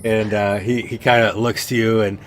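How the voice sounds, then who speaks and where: A man narrating as game master of a tabletop game, relaxed and halting with many fillers. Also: fairly low pitch, faint music behind.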